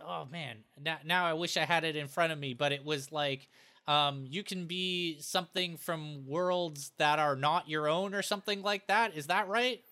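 Male podcast co-host: bright, smooth voice, joking questioner. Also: on the high side, moderate pace. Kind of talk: casual podcast interview.

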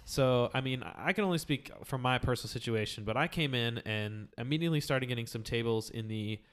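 A young man hosting a casual podcast, telling work stories in a relaxed way with many fillers. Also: mid-range voice, a little fast, clean tone. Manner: relaxed storyteller, hedging with fillers. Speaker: podcast host.

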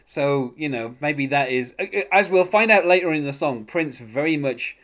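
A man's voice: a little high, animated, normal speed, a bit bright. A man hosting a casual podcast chat, talking with many fillers and restarts. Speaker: podcast host.

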